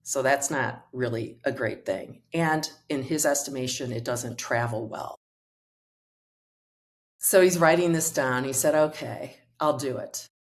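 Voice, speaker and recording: Middle-aged woman guest, coach, low register, animated storyteller. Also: a little slow. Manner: animated storyteller acting out quoted dialogue. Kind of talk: conversational storytelling.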